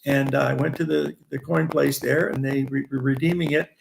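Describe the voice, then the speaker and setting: Gravelly old man telling old stories. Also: mid-range voice, little pitch movement, normal speed, noisy background. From Indiana. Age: 80s. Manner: chuckling, restarts phrases while reminiscing. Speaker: guest, veteran trader. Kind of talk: rambling anecdotal storytelling.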